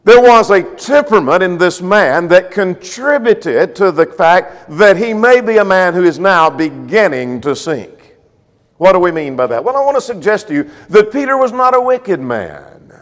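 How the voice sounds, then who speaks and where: High-voiced man preaching in a reverberant hall. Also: big pitch swings, a little slow. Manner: expository, guiding listeners verse by verse; swings between loud peaks and near-murmured phrases. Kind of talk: sermon.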